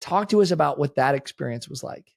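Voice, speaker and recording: A man with a fairly high speaking voice hosts an interview, recorded with a dry, close sound. He frames his questions in a measured, encouraging way. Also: animated, gravelly, no room sound. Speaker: podcast host.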